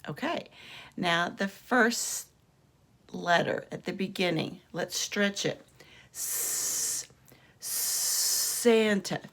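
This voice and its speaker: A woman teacher leads young children through a phonics lesson, stretching out each letter sound and coaxing them along. She speaks very slowly, in a lowish voice with a gravelly edge. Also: fairly bright tone. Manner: slow, encouraging, drawn-out sounds for kids.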